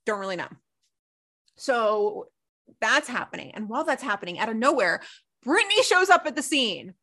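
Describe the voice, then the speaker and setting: A young woman co-hosting a casual recap chat, telling the story with lively acted-out quotes. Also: a little high, moderate pace. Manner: animated storytelling, acts out quotes. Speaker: podcast co-host.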